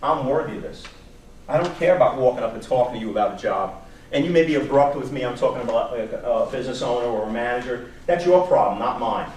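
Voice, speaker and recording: A man, giving an animated talk at a staff workshop, telling stories and repeating words as he goes. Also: medium pitch, fast talker. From New York area. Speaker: job search presenter. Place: meeting room. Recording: echoey room from far off, faint noise.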